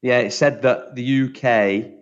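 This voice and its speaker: On a muffled recording, a mid-range male voice speaks unhurriedly with fairly even intonation. He's a West Country podcast co-host from near Bristol whose talk is casual, rambling and self-deprecating.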